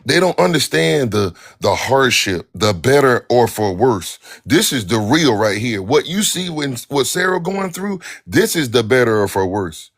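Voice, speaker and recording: A man appearing as a guest on a live stream, giving advice in an animated, preachy way. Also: medium pitch, measured pace, hardly any pauses. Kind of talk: casual live stream chat.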